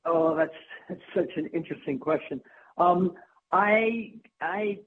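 Woman guest telling animated broadcasting stories, laughs a lot, thin phone-line sound with a faint hum. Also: lowish voice, measured pace. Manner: lively, laughs often, restarts a lot. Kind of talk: anecdotal interview storytelling.

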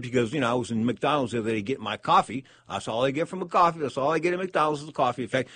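Rambling boxing talk host, husky. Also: male voice, medium pitch, a bit bright, no room sound. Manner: rambling, conversational, emphatic. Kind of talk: live talk show monologue.

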